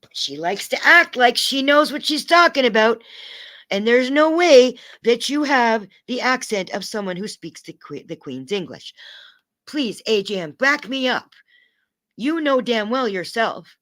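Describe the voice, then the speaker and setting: A woman's voice: on the high side, expressive, a little slow, fairly bright tone. Angry woman ranting on a livestream. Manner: angry, confrontational, swearing.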